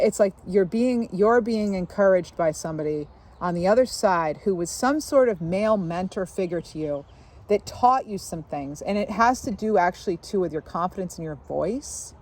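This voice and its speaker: A woman giving a casual tarot reading, musing aloud in a relaxed way and often pausing on fillers as she takes in impressions. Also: lowish voice. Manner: musing, intuitive, many fillers and asides. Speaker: tarot reader. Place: outdoors.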